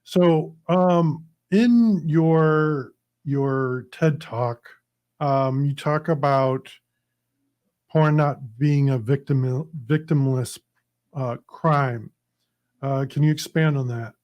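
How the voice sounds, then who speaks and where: Guy hosting a podcast, talks real slow, lots of uhs and ums. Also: a little high, dull audio. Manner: slow, hesitant, many fillers. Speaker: podcast host. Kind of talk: interview.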